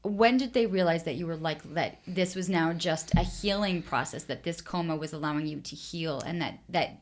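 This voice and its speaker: Gentle woman host, lowish voice. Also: moderate pace. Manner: gentle, probing questions with many restarts. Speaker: podcast host. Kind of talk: conversational interview.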